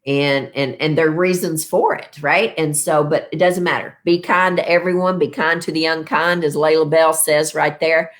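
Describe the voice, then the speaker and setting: A woman's voice: low-pitched, steady tone, moderate pace, hardly any pauses. A woman in her fifties hosting a casual livestream, rambling and tired after an illness, thanking her viewers. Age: 50s. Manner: rambling, warm toward viewers. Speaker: wellness show host.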